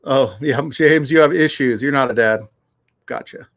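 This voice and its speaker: On a windy afternoon outdoors, a livestream host with a medium-pitched, fairly bright voice talks at a moderate pace. His chat is easygoing, full of free swearing, and he greets his viewers by name.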